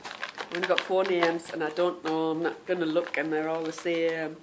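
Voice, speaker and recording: Brief: lower-voiced woman podcast host, warm casual chat from home, friendly "girlies" patter. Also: level tone, normal speed, slight background noise. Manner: chatty, calls listeners "girl" and "girlies".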